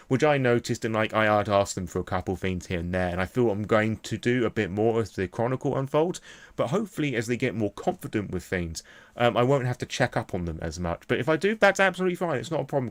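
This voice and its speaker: A young British man with a fairly low voice, excitedly recapping a tabletop game he ran as game master. He rambles, peppering his talk with fillers. The sound is dry and close, with no room echo. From Britain. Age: young adult. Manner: rambling, filler-heavy, enthusiastic. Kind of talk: casual recap of a tabletop session.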